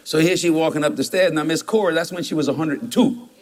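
A man's voice: on the high side, fast, a little mellow. A man, preaching a storytelling sermon and jumping into quoted voices with laughter.

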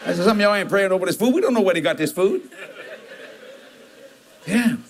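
A man's voice: high-pitched, lively intonation, a little fast, slight background noise. A man, preaching a storytelling sermon and jumping into quoted voices with laughter.

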